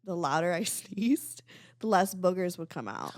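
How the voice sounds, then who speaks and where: A woman hosting a casual podcast chat, giggly and loud, full of "like". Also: fairly low pitch, sing-song, normal speed. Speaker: podcast host.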